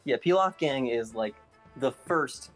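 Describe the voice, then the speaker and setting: A laid-back podcast co-host chats easily about anime at a middle pitch. Faint music sits behind his voice. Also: animated, measured pace, a bit bright. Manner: laid-back, lots of "like" fillers.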